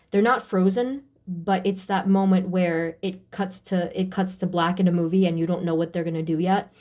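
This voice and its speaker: A woman giving a casual tarot reading, talking in a halting, emotional way with many fillers and restarts. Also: on the low side, dark tone. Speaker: tarot reader.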